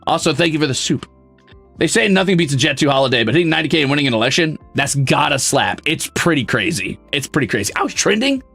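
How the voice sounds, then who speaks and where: A young man streaming casually, reading chat messages aloud, excitable and swearing freely. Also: medium pitch, fast talker, vocal fry, husky, faint music behind.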